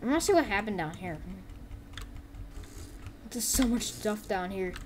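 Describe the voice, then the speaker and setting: A woman's voice: mid-range voice, unhurried. Woman rambling thru a game, lots of um's, random yelps, faint hiss and typing behind. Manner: rambling and excitable, with sudden yelps. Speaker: gameplay commentator. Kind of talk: casual let's-play commentary.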